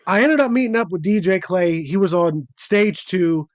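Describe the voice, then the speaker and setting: A man's voice: sits high, animated, normal speed, no room sound. A man hosting a podcast, telling a long story in casual, profane chat and acting out the quotes in a raised voice. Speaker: podcast host.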